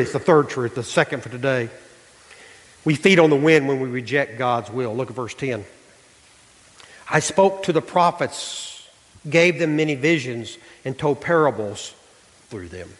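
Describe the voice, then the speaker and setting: A man's voice: medium pitch, big-room sound. A male pastor, preaching a sermon with rising, emphatic delivery. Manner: animated preaching, voice rising to near shouts. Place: church sanctuary.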